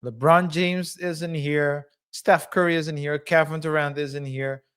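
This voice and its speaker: A man's voice: a little high, steady tone, unhurried, fairly bright tone, smooth. A man co-hosting a podcast in casual chat, rambling with many fillers and hedges. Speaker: podcast co-host.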